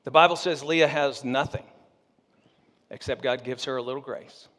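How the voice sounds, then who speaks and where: A pastor telling a story in a humorous sermon, animated and joking with his audience. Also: mid-range voice, moderate pace, big-room sound.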